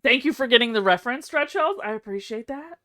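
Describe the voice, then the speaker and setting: A young woman live streamer chatting casually, excitable and self-deprecating. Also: fairly high pitch, quick pace.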